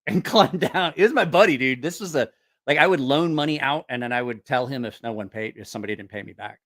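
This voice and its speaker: A man casually telling profane, animated stories, acting out other people's voices. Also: mid-range voice, quick pace. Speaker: host. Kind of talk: casual storytelling.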